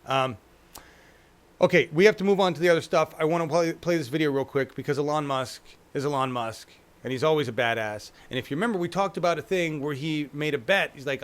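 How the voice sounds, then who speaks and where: A chatty male host who talks about politics in a loose, profane way and keeps checking in with "right?". His voice sits a bit higher than most men's. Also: a little fast. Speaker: show host. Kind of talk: casual political chat.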